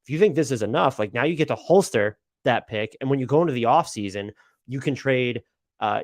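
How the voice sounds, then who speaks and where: A man's voice: mid-range voice, no room sound, studio quality. A man hosting a live basketball talk stream, casual and rambling, swearing and stammering with lots of fillers. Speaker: NBA podcast host.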